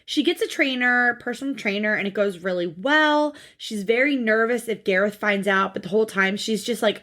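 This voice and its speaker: Play a woman podcast co-host with a fairly high voice. She tells the story in a blunt, animated way and swears without holding back. This is loose, casual recap chat between friends. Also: normal speed, hardly any pauses.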